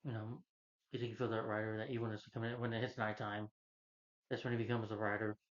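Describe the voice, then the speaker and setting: In a casual, rambling rant about a film, a man loosely retells scenes and fills the gaps with plenty of "you know" and "uh". His lowish voice is flat and quick, and the audio is dull.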